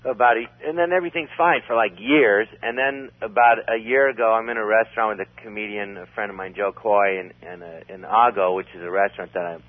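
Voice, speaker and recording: Low-voiced guy rambling through a story, lots of restarts, tinny phone line. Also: fairly even intonation, quick pace, few pauses. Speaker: comedian guest. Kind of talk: casual storytelling.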